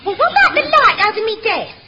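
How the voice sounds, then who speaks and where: A woman's voice: very high voice, big pitch swings, fast talker. An actress playing a young office girl, chatty and complaining, in a radio sitcom. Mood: grumbling. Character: grumbling young office girl, cheeky and fed up. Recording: dull noisy old radio recording.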